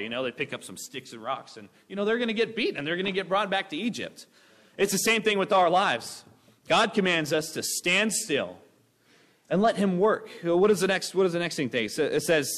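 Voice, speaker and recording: A young man preaching a sermon with a rambling, energetic delivery, breaking into acted-out voices. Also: on the high side. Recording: long hall reverb.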